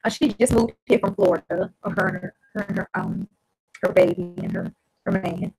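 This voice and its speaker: A woman's voice: fairly high pitch, wildly swooping pitch, normal speed, gravelly, faint music behind, poor audio. A woman telling a story casually on her vlog, chatty and blunt, swearing freely. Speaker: vlogger.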